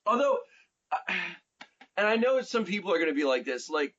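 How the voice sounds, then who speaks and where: A man's voice: sits high, sing-song, moderate pace, a bit bright. Joking man on a lo-fi podcast. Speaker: podcast co-host. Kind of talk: casual chat. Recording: dull lo-fi.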